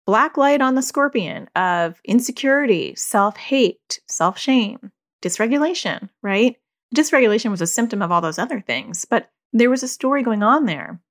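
Candid woman podcaster musing on parenting. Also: on the high side. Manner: candid, conversational, peppered with "like". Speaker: podcast host. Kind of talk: casual reflective parenting talk.

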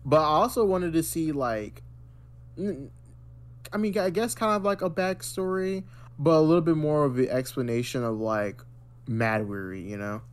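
A man's voice: fairly high pitch, normal speed. American guy on a podcast, super casual, lots of bro and freaking. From United States. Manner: slangy, says bro and freaking a lot. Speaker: podcast co-host. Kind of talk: casual chat.

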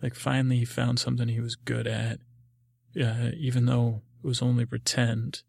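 A man hosting a podcast, rambling through a dreamlike story in halting, filler-heavy speech. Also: mid-range voice, completely flat delivery, vocal fry, a little mellow, slightly rough, no echo, clean studio sound. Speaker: podcast host.

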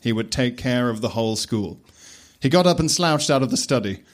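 A man narrating a comic story deadpan and often laughing. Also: medium pitch, fairly quick.

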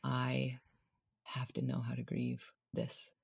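Low, husky woman guest, searching and heartfelt, dry close mic. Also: very animated, takes it slowly, no room sound. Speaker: podcast guest. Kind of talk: reflective conversation.

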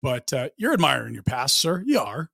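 A man's voice: mid-range voice, sing-song, moderate pace, vocal fry, pushed and bright, no room sound, studio quality. A man hosting a hockey podcast, upbeat and teasing as he sets up clips. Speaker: podcast host. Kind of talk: casual sports talk.

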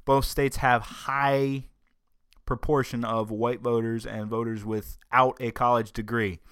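A male podcast host talks through the news in a loose, sarcastic way. He restarts and stumbles over words as he goes. His voice is mid-pitched, and the recording is close and dry. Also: flat delivery, measured pace, fairly bright tone, clear, resonant tone, no room sound. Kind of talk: casual political commentary.

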